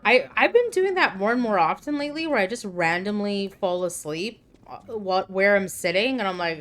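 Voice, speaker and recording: A woman's voice: medium pitch, animated, normal speed, fairly bright tone, soft background music. A young woman streaming a game, chatting casually, joking and reading game text aloud. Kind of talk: casual gameplay commentary.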